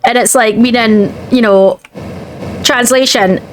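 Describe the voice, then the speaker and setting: A woman's voice: on the high side, unhurried, slight background noise. A woman with a Scottish accent, chatting casually while streaming a game, rambling and often restarting her sentences. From Scotland. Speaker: gaming streamer. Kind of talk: casual chat while gaming.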